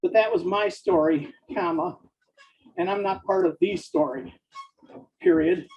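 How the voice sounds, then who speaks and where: A man dictating fiction aloud, speaking each punctuation mark in a slow, deliberate way. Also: high-pitched, expressive, creaky, a little mellow, rough recording. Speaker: author dictating a novel.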